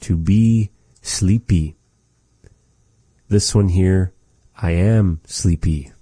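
Very deep, slow-talking man teaching words. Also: dark tone, slightly rough, no room sound. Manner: repeats each word slowly, chatty asides. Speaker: language teacher. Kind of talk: casual vocabulary lesson.

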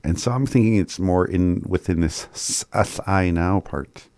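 A man's voice: low-pitched, measured pace, darkish tone, no room sound. A man working through a list of phrases aloud as a teacher, thinking as he goes and chuckling often. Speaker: language teacher.

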